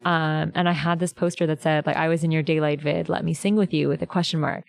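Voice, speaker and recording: Podcast guest, woman in her twenties, a chatty singer with a lowish voice who acts out the people in her stories. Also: level tone, quick pace, creaky. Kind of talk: casual interview storytelling.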